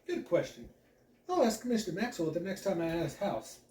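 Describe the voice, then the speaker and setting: A brisk acting teacher, put on by a man reading a storybook aloud, pushes his students with quick, judging notes. The voice sits high and swings widely. It comes from a little way off the mic, in an echoing room. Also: very animated, a little mellow, a little hiss or hum. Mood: coaching. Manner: upbeat coaching, quick to judge. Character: adult male acting teacher, brisk and demanding. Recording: roomy echo, mic at a distance.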